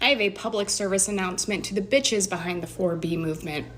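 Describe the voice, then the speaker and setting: A woman's voice: medium pitch, quick pace, a bit bright. A woman delivering an indignant, lecturing monologue to the camera. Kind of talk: social video monologue.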